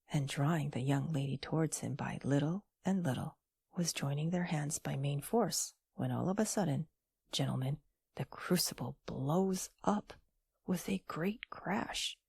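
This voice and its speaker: A woman narrating a classic story for an audiobook in a gentle, hushed, near-whispered voice, close to the microphone. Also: low-pitched, measured pace, creaky, slightly rough, dry recording.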